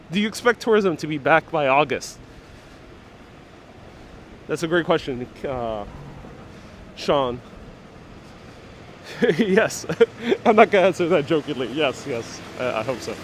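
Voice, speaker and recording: A sarcastic, playful man hosts a live stream outdoors on a city street, laughing between jokes. His voice sits a little high, with faint traffic behind it on a wireless lapel mic. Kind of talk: joking live walking stream.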